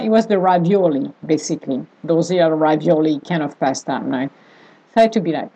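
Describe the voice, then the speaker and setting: A young adult woman vlogger telling a personal story in a rambling, animated way, laughing as she goes. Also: lowish voice, normal speed, husky, low-quality recording. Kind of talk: casual storytelling monologue.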